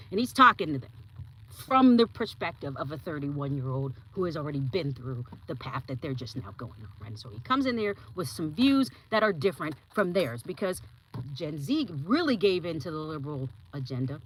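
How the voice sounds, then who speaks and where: A young woman hosting a podcast, talking casually and giving her opinions, often acting out other people's lines in quick put-on voices. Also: low-pitched, a little hiss or hum, rough recording. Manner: animated, acts out voices in quotes. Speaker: podcast host.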